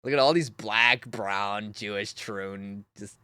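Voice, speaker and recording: A young man hosting a livestream, reacting to clips in an animated, mocking way, talking to his chat and laughing often. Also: on the low side, slow, a loud crowd, very noisy. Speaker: livestream host.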